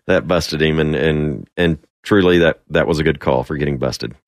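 A man with a low, deep voice co-hosts a sports radio show, trading jokes and firm opinions. The sound is dry and close-miked, with no room echo. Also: moderate pace. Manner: joking, opinionated commentary. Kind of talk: casual sports radio chat.

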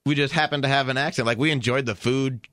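Bright, dry-sounding man, chatty storyteller, rambling with fillers. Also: medium pitch, fairly even intonation, quick pace, no echo. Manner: rambling anecdote with many fillers. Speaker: podcast guest, producer. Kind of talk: casual chat, storytelling.

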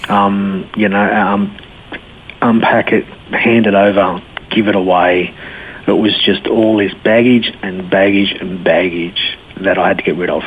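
A man's voice: deep voice, flat delivery, unhurried. A man, giving a blunt, earthy personal testimony in casual conversation. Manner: blunt, earthy storytelling with slang. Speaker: interview guest. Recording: phone line with faint noise.

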